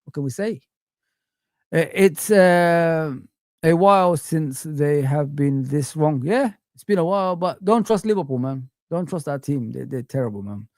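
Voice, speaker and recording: A man's voice: fairly high pitch, expressive, measured pace, a little mellow, no room sound. Exasperated man ranting close to the mic. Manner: exasperated, repetitive, swearing. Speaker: fan channel livestream host. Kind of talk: casual livestream rant.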